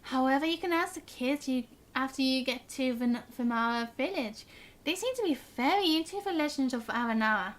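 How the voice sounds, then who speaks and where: A young woman streaming a game, reading its dialogue aloud and chatting, bubbly and quick to laugh at her own slips. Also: sits high, expressive. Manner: chatty, bubbly, stumbles on words and laughs at herself. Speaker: gaming streamer. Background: game music.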